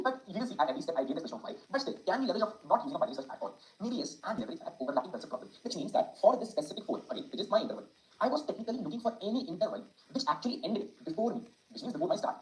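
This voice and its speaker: Woman, coding tutor, very fast delivery, lively pitch, thinking aloud, repeats steps. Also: rough recording. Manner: rapid, repetitive thinking aloud while working at a whiteboard. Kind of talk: explaining an algorithm problem.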